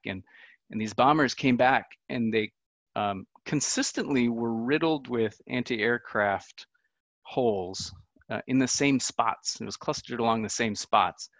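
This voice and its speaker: A man gives a casual talk to a remote audience. He chats, jokes at his own expense and leans on fillers. His medium-pitched voice comes through dull, dry webinar audio with no room sound. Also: a bit bright, dry recording. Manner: chatty and self-deprecating, with many fillers. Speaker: conference speaker.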